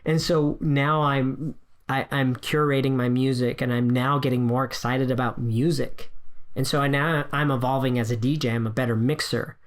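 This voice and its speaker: A man's voice: medium pitch, steady tone, normal speed. A man as a podcast guest, talking casually and energetically about his work as a wedding DJ, frank and self-deprecating, with frequent restarts. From United States.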